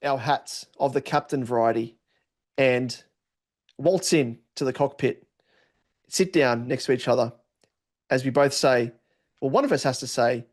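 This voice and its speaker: A man's voice: mid-range voice, measured pace, pauses often. A man co-hosting a fantasy football podcast in a playful, jokey way, spinning running gags between his takes on players. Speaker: podcast co-host.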